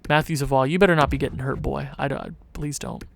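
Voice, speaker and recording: A man thinking aloud in casual gameplay commentary, rambling and hesitant, often restarting, then breaking into sudden excited outbursts. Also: medium pitch, quick pace, creaky, dry recording. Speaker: gaming channel host.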